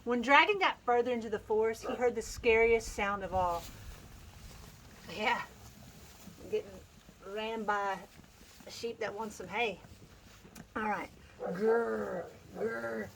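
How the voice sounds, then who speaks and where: A woman's voice: fairly high pitch, fairly bright tone, a little hiss or hum, poor audio. Brief: woman reading a storybook aloud on a farm, playful asides, laughs a lot, faint animals around. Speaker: farm host reading a picture book aloud. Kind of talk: casual read-aloud with chatty asides. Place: outdoors on a farm.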